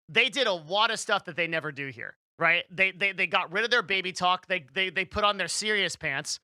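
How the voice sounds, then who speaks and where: Young guy talking fast and loose, high bright voice, super dry close mic, trips over his words a lot. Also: clear, resonant tone, no echo. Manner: rambling with many restarts and fillers. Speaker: commentator. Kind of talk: casual commentary.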